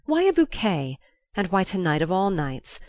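A woman reading the part of a proud, volatile young countess, shrill and imperious in an audiobook. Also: animated, moderate pace, no echo, close to an everyday voice. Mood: indignant. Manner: imperious, abrupt.

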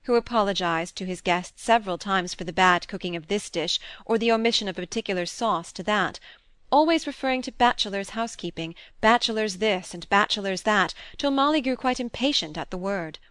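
A woman reads a classic novel aloud in a measured, even storytelling voice. Her pitch sits in the middle range. The close mic catches no room at all. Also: smooth, no room sound. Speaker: audiobook narrator. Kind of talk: scripted narration.

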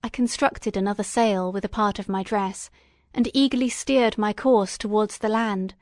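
Measured, expressive female audiobook narrator. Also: medium pitch, no echo, clean studio sound. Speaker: audiobook reader. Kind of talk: audiobook narration of a classic novel.

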